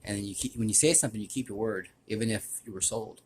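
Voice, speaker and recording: A man's voice: on the low side, fast talker, darkish tone, slight background noise. A man telling a personal story to his channel in a rambling, earnest and aggrieved way, often restarting his sentences. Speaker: YouTuber.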